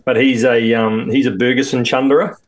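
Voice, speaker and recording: A man's voice: medium pitch, level tone, fairly quick. A man in his thirties with a New Zealand accent, a podcast co-host telling stories and dad jokes. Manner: laid-back, tells dad jokes, laughs easily. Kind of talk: casual chat.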